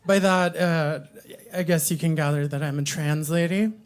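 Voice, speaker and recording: A woman with a lowish voice works through a stand-up set at a coffee shop open mic. She talks crudely and rambles, padding her lines with "um" and "like". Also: steady tone, moderate pace, a little hiss or hum. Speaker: stand-up comedian.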